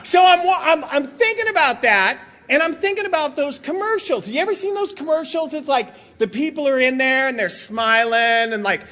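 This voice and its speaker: A man's voice: extremely high pitch, lively intonation, moderate pace, few pauses, pushed and bright. A middle-aged man from Southern California giving a loose, joking, rambling talk as a guest speaker. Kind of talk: comic storytelling talk.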